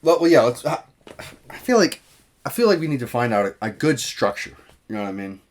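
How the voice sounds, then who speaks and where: A man's voice: medium pitch, big pitch swings, brisk. A man co-hosting a casual movie podcast, rambling with lots of fillers and swearing. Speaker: podcast co-host. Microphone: podcast mic.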